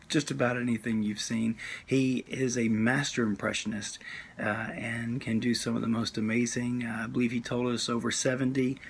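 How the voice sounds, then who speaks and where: A man's voice: mid-range voice, creaky, a little hiss or hum. A man as podcast host, earnestly introducing his guest with many fillers. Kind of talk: scripted show introduction.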